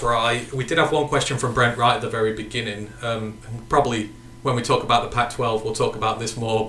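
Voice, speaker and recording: A man's voice: medium pitch, pushed and bright, echoey room, a little hiss or hum. A man from the United Kingdom co-hosting a casual sports podcast, chatting and reading out viewer comments. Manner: chatty, reads out viewer comments and sign-offs. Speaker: podcast co-host.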